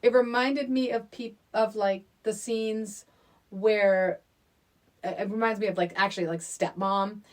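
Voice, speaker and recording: In casual podcast chat, a middle-aged woman co-host tells a story with lively energy, acting out the quotes along the way. She has a medium-pitched voice and keeps a measured pace.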